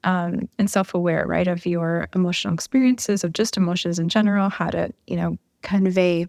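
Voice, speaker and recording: A woman's voice: fairly low pitch, fairly even intonation, moderate pace, creaky, darkish tone, no room sound, clean studio sound. A woman, a psychologist guest on a podcast, explaining ideas in a thoughtful way and often checking in with "right?". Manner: explanatory, says "right?" often, thinks aloud with "um". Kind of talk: casual conversation.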